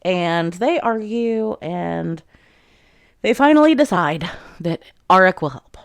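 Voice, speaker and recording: Animated, chatty woman recapping a book. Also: on the low side, slow, clean tone, no echo. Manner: chatty, swears freely, quotes characters with 'she's like'. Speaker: book reviewer.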